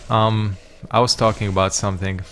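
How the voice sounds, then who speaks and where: A man's voice: lowish voice, flat delivery, normal speed, a bit bright. A man giving casual let's-play commentary, rambling and reacting to the game with frequent swearing. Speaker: gaming YouTuber.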